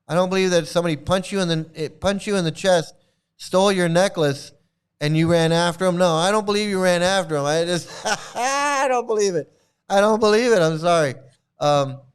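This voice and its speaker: Man mocking a clip in a smooth voice. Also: on the high side. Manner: scornful, repetitive, stumbling restarts. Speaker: commentary host. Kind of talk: mocking reaction commentary.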